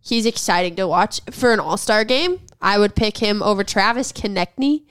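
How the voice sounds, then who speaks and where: Assertive woman, smooth clear voice. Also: mid-range voice, normal speed. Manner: assertive and blunt, pushes back with firm opinions. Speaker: podcast co-host. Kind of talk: casual sports debate chat.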